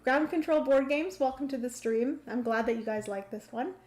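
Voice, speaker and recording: A woman hosting a casual board game livestream, chatty and filling pauses with hums and ums. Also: sits high, darkish tone.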